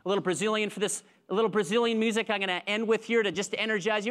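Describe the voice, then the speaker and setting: High-voiced upbeat male keynote speaker. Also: fairly even intonation, rapid-fire, hardly any pauses, fairly bright tone, clear, resonant tone. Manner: upbeat, leads audience in clapping rhythms. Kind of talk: live motivational stage talk. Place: conference room with live audience.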